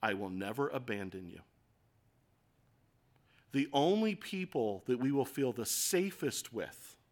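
A man preaching a sermon as pastor, moving from quiet, earnest passages to loud, passionate declarations and acting out quoted voices. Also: mid-range voice. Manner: acts out quoted voices with rhetorical questions.

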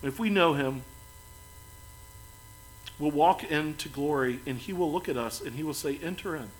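A man preaching a sermon as pastor, earnest, building to emphatic lines and then dropping soft and quiet. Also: a little high, normal speed, a little hiss or hum, rough recording.

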